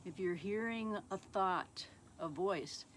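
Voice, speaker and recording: Middle-aged woman, personal testimony; unhurried, pausing often, mid-pitched voice. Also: a little hiss or hum. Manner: slow, halting, with many pauses and fillers. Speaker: speaker sharing her testimony.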